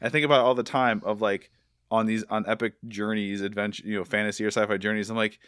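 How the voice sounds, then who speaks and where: A man hosting a podcast, chatty and enthusiastic, with a somewhat low voice. The sound is dry and close, from a studio. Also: flat delivery, fast talker, fairly bright tone, clean tone, dry recording. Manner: enthusiastic, chatty, with filler words. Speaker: podcast host. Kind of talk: casual podcast interview.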